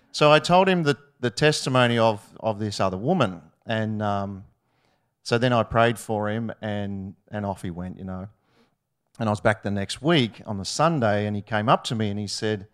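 A man's voice: lowish voice, brisk. A middle-aged man from Australia, chatty, with many fillers and restarts, telling a storytelling testimony at a church meeting. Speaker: church member sharing a testimony.

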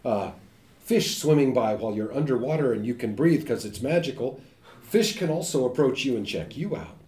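A man giving a linguistics talk, animated and joking, often imitating sounds and voices. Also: medium pitch, moderate pace. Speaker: linguistics lecturer. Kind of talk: academic talk. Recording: echoey room.

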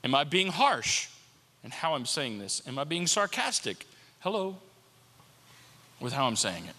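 Bright-voiced preacher man in a reverberant hall. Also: on the high side, big pitch swings, unhurried. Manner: conversational preaching, repeats rhetorical questions. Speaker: pastor. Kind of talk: sermon.

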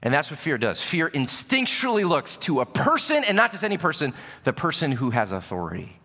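A man preaches in a church hall, his tone bright and forceful. He tells his story with sudden shouts and hushed drops. A long reverb trails every line. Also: on the high side, wildly swooping pitch, brisk. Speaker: pastor. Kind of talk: sermon. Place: church sanctuary.

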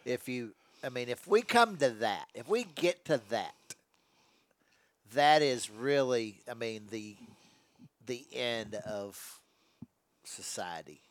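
A man's voice: medium pitch, expressive, takes it slowly, long pauses, no room sound. A man co-hosting a podcast who mostly gives short agreeable replies and swears casually. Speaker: podcast co-host. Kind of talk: casual banter.

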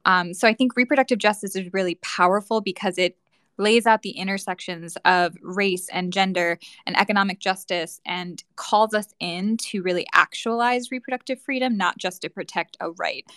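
A woman panelist from an advocacy group, explaining ideas in a measured way with frequent fillers. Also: mid-range voice, fairly bright tone, no echo, clean studio sound. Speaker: panelist, advocacy organization staff. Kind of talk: panel discussion.

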